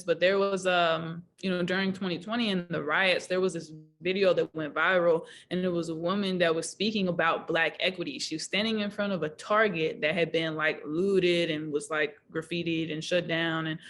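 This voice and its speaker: A woman's voice: fairly low pitch, steady tone, normal speed, a bit bright, slight background noise. Woman on a video call, thoughtful. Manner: thoughtful, storytelling, trailing fillers. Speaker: podcast co-host. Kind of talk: casual discussion.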